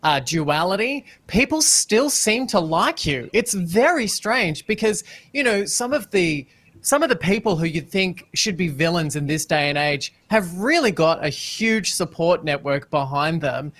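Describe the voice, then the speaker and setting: A man's voice: high voice, expressive, a bit bright. Wry, opinionated male panelist. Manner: wry, teasing, then measured and opinionated. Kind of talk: casual panel chat.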